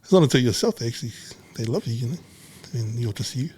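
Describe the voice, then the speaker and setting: A man's voice: medium pitch, lively intonation, fast, warm tone, slightly rough, no room sound. A middle-aged man talking bluntly in casual chat, swearing freely and rambling. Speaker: podcast guest, businessman.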